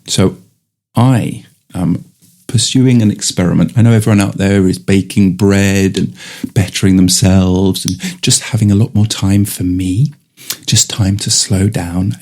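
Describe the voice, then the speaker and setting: A man's voice: low voice, steady tone, normal speed, a little mellow. A man, improvising a rambling, silly comic monologue as a podcast host. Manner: rambling, silly, switches into funny voices.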